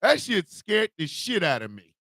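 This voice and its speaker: In this casual storytelling monologue, a morning radio host spins a loose, foul-mouthed tale, animated and laughing as he curses and performs his relatives' lines. He speaks at normal speed with a high-pitched voice. The recording is dry and studio quality.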